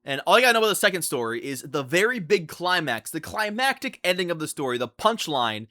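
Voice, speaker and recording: A young man telling a storytime vlog in an animated, incredulous way, often restarting his sentences. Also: fairly high pitch, fast, no room sound. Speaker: vlogger.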